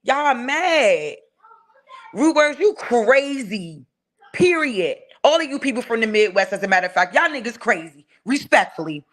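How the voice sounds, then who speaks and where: A fiery woman with a D.C. tears into someone on her live stream. Her voice sits a bit high and flies higher when she yells. The talk is profane and cutting, with sudden shouts. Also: very animated, moderate pace, few pauses. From Washington, D.C. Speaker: channel host ranting on a live stream. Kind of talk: heated live-stream rant.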